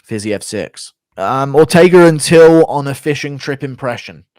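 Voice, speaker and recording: A man's voice: medium pitch, animated, moderate pace, darkish tone, no room sound, clean studio sound. A man streaming casual commentary in a blunt, sarcastic way.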